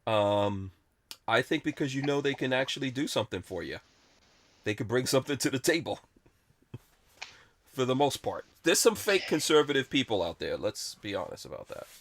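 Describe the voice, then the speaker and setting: A man's voice: mid-range voice, expressive, normal speed, fairly bright tone. A man hosting a podcast, chatting casually and rambling through his opinions. He speaks bluntly, in an ordinary middle-range voice. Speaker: podcast host. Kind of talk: casual chat.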